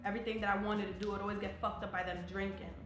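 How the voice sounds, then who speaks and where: A woman's voice: mid-range voice, little pitch movement, rapid-fire. Blunt, profane young woman. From New Jersey. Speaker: interviewee, army soldier. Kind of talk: casual personal storytelling. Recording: roomy echo, faint music.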